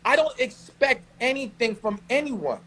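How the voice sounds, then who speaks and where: A man's voice: very high voice, big pitch swings, measured pace, a bit bright, low-quality recording. A man with a New York accent giving blunt relationship advice on a podcast, emphatic and slangy. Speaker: podcast co-host. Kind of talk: casual advice chat.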